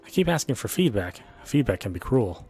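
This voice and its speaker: A man's voice: medium pitch, big pitch swings, a little fast, a little mellow. A man reading a visual novel aloud in an earnest first-person narration. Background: faint background music.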